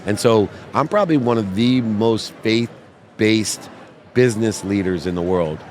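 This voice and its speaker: Animated storytelling man outdoors. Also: fairly low pitch, measured pace, a little hiss or hum. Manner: animated, acts out voices in his stories. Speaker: podcast guest. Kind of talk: emotional storytelling.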